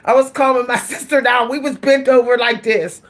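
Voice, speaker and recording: A woman vlogger telling a story in casual chat, animated and laughing, talking straight to her listeners. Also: fairly high pitch, brisk.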